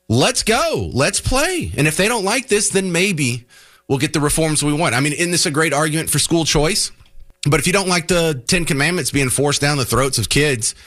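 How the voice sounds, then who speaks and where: A man hosting a talk radio show, arguing his views in an emphatic, combative way. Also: pushed and bright. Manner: combative, emphatic, swings pitch up to punch points. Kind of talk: opinionated talk radio monologue.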